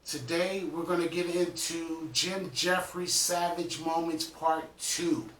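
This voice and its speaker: A man opens his reaction video, speaking directly to his viewers in a casual, friendly way. His voice is a little high and sits back from the mic. The room is echoey, with faint background noise. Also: steady tone, slow, a bit bright. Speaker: reaction channel host. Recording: roomy distant mic with faint ambience.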